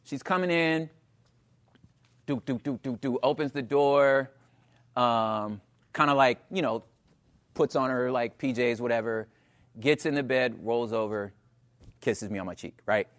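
A man's voice: mid-range voice, measured pace, pauses often. A man with a Los Angeles accent doing stand-up, telling a story to the crowd and acting out the voices. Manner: animated, talks to the crowd, acts out voices. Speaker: stand-up comedian.

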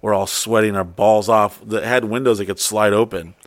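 A man with a voice on the low side tells a wild story in casual conversation at a moderate pace, swearing freely, sounding excitable and acting out what people said. The recording is dry.

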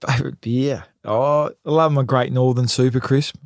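A laid-back Australian man in his late twenties answers questions modestly and pauses often with ums. His voice sits at a middling pitch. The recording is close and dry. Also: steady tone, dry recording. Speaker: professional footballer, guest. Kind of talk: casual chat, interview answers.

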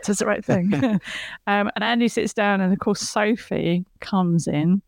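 A woman's voice: medium pitch, unhurried, creaky, darkish tone, dry recording, studio quality. A woman chatting casually on a podcast, retelling a TV episode scene by scene. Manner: chatty, retelling scenes with laughs and quoted lines.

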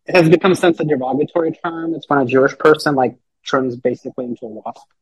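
Husky-voiced man rambling in casual chat. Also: mid-range voice, quick pace, a little mellow, no room sound, dull audio. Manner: rambling, many fillers and restarts. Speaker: podcast guest.

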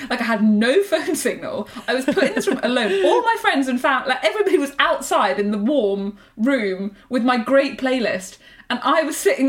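A woman's voice: fairly high pitch, a little fast. A young woman co-hosting a podcast, telling stories in a casual, giggly way and acting out quotes with lots of laughter. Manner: giggly, animated storytelling with acted-out quotes. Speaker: podcast co-host. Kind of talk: casual chat.

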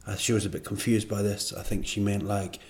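A man with a fairly low voice hosts his own podcast, chatting alone in a loose, meandering way. He pokes fun at himself as he wanders off topic and back again. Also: flat delivery, brisk, a little mellow. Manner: rambling, self-deprecating, digressive. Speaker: comedian and podcast host. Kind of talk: casual solo podcast monologue.

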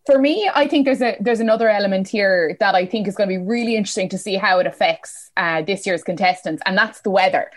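A woman's voice: mid-range voice, no room sound. A woman, speaking as a journalist guest. She chats in an upbeat, self-deprecating way, and the recording is close and dry. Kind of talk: casual chat.

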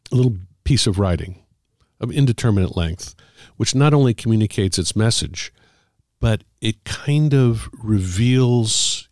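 A man, middle-aged or older, an author telling stories about the craft of writing in a casual, halting way with many fillers. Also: fairly low pitch, a little mellow, no echo, studio quality. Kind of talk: casual conversational storytelling.

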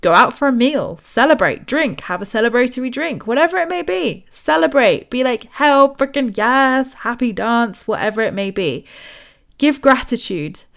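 A woman's voice: on the high side, big pitch swings, moderate pace, vocal fry, fairly bright tone. A young woman giving a casual motivational talk on spirituality, chatty and enthusiastic. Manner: chatty, enthusiastic, acts out quoted voices. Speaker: spiritual author and podcast host.

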